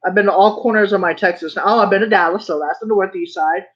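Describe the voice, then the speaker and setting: A vlogger in a loose, rambling rant, circling back to the same phrases with emphatic insistence and an occasional curse. The voice sits at a middling pitch. The recording has a slightly dull, muffled tone. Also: fast talker. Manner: swears when worked up. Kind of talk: casual monologue rant.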